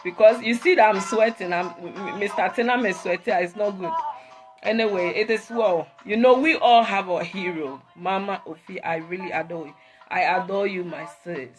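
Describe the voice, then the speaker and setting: A woman's voice: medium pitch, moderate pace, soft background music. A woman, hosting an emotional live talk to her viewers, rambling and repeating herself as she switches between English and Twi. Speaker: online host talking to viewers.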